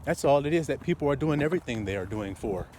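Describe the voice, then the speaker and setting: A man's voice: medium pitch, expressive, darkish tone, slight background noise. A man preaching casually into his phone while walking down a city street, laughing often and asking his listeners rhetorical questions. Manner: laughing, rhetorical, drawn-out repetitions. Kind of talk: casual outdoor sermon to phone camera. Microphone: phone held while walking.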